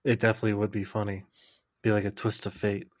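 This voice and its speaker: A man's voice: on the low side, level tone, fast talker, no room sound, studio quality. A man co-hosting a podcast in casual chat, teasing his friend and laughing easily. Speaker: podcast co-host.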